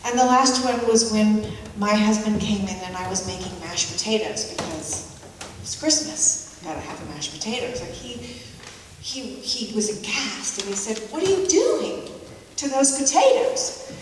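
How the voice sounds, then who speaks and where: A woman giving a reflective public talk, telling anecdotes with halting pauses and repeated key phrases. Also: medium pitch. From United States. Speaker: speaker at a forum. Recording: echoey hall, mic from far off, background noise.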